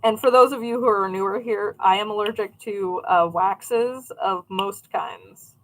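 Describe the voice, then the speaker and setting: Unhurried and chatty, this young crafting streamer rambles casually, reading her chat and responding to viewers' questions as she goes. Her voice is mid-range, and the recording sounds rough.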